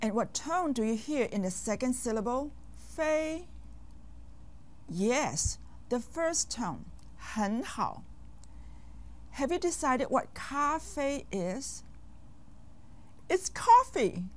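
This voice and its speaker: Woman as a patient children's language teacher: slow, clear delivery, animated pitch. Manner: slow, carefully enunciated, with quizzing pauses. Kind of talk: scripted language lesson for kids.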